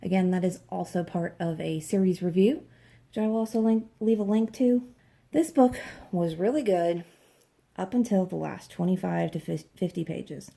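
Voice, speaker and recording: A woman's voice: on the low side, normal speed, creaky, mellow. A woman doing a casual book wrap-up vlog, chatty and candid. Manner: chatty, candid, occasional swearing. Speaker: book vlogger.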